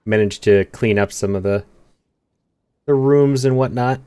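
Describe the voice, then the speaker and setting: A man's voice: mid-range voice, measured pace, clear, resonant tone, no echo. Dry, close-miked streamer guy. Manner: relaxed, wry and chatty. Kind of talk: casual gaming stream chat.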